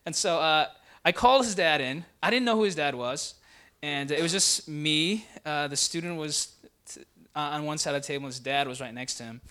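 A young adult man, an intern pastor, telling a personal story in a sermon with lots of "right?" tags and animated delivery. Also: on the high side, brisk, smooth.

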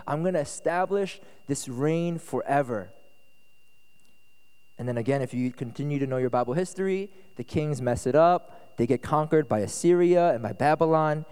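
A man preaching a casual, conversational sermon as pastor at a retreat, relaxed and chatty, often checking that listeners follow. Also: mid-range voice, brisk, few pauses, clean tone. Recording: echoey hall reverb.

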